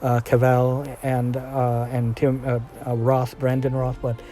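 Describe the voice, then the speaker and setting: A man's voice: medium pitch, completely flat delivery, a little slow, warm tone, soft background music. A man giving a casual, rambling film review, full of fillers, restarts and trailing sentences.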